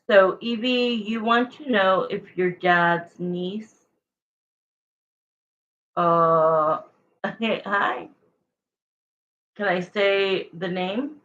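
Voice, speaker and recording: A woman chats her way through a casual livestream tarot reading at an unhurried pace. She rambles, corrects herself and talks straight to the viewers. The sound is dull and lo-fi, like a home stream. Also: medium pitch, fairly bright tone. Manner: chatty, rambling, self-correcting, answering viewers. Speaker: tarot reader.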